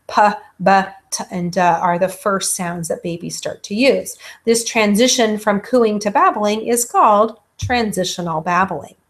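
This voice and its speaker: A woman giving a recorded lecture, with many ums, who stops to act out baby sounds herself. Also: medium pitch.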